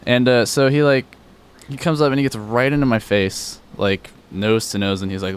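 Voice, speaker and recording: A man's voice: fairly low pitch, fairly even intonation, moderate pace, clear, resonant tone. A young man telling a story in casual chat, rambling with many fillers and frequent swearing.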